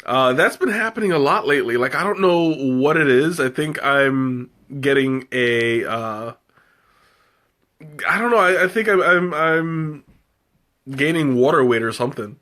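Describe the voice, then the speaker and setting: A man's voice: fairly high pitch, lively intonation, unhurried, pushed and bright. A man hosting a live tea tasting, chatting casually and rambling with many fillers and restarts. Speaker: livestream host tasting tea.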